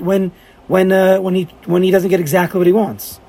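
A man's voice: sits high, level tone, brisk, mellow. A man teaching a class, talking animatedly and firing off rhetorical questions. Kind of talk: lively class lecture.

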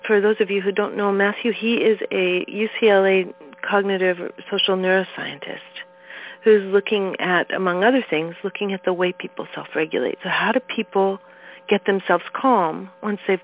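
A woman's voice: mid-range voice, normal speed, a little hiss or hum. A woman neuroscience educator, a guest in an interview, telling her story with animation and acting out quoted voices. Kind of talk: conversational interview. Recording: tinny phone line.

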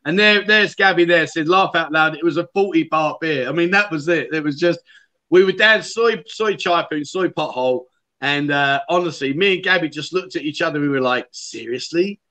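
A man's voice: fairly high pitch, normal speed, sharp tone. A man hosting a livestream chat show, telling stories and reading out viewer comments. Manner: chatty storyteller, reads out viewer comments. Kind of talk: casual chat.

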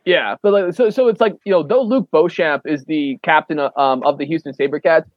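Slightly high man on dull, dry audio. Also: fairly quick, no echo. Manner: rambling, lots of fillers, laughs easily. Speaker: rugby podcast co-host. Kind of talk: casual sports podcast chat.

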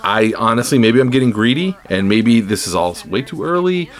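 A man's voice: mid-range voice, animated, normal speed. A man hosting a podcast in casual chat, talking in a profane, rambling, sardonic way. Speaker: podcast host.

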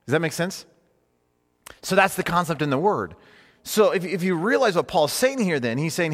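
A man's voice: on the high side, very animated, normal speed, fairly bright tone. A man teaching in a conversational sermon style, earnest and informal, often rephrasing himself mid-thought. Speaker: preacher teaching a class. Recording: long hall reverb.

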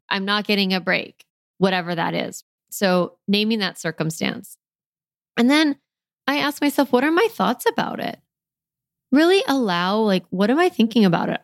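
A woman in her thirties hosting a casual solo parenting podcast, talking through her own thoughts in a gentle, chatty way full of "like" and questions to herself. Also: mid-range voice, gravelly, no echo, clean studio sound. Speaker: podcast host and parenting coach.

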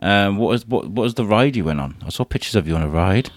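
A man in a relaxed, playful chat with his young son, gently teasing and encouraging him. His voice rises and falls with lively swings of pitch. The sound is dry and close to the microphone. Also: fast talker, no echo. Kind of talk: casual chat with a child. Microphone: handheld microphone passed to child.

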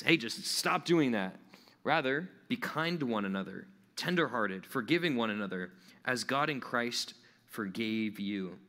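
A man's voice: medium pitch, pushed and bright, in a large hall. A man preaching a conversational sermon who often checks in with his listeners with questions. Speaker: pastor.

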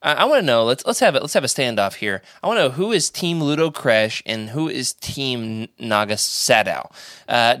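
Animated, enthusiastic man hosting a podcast. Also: medium pitch, no room sound, studio quality. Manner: enthusiastic, animated, quick jokes. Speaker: podcast host. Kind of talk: casual roundtable chat.

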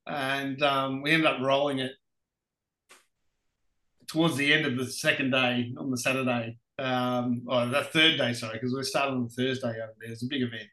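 An Australian man, a racing driver and podcast guest, telling lively anecdotes with frequent laughs. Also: mid-range voice, normal speed. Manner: animated anecdotes, laughs often. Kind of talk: casual storytelling interview. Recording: roomy echoey room.

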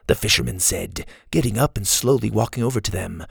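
A man's voice: on the low side, a little fast, vocal fry, few pauses, a bit bright, husky, dry recording, studio quality. A man narrating a children's storybook aloud, expressively.

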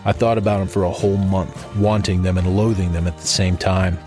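A man's voice: low-pitched, level tone, fairly quick, music in the background. A man reading a first-person story in a dry, wry manner. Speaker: narrator.

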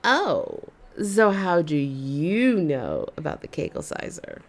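A woman's voice: low voice, huge pitch swings, slow pace, voice pushed down, heavily acted. A woman voicing a male office coworker who teases and prods. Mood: teasing. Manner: teasing, prodding.

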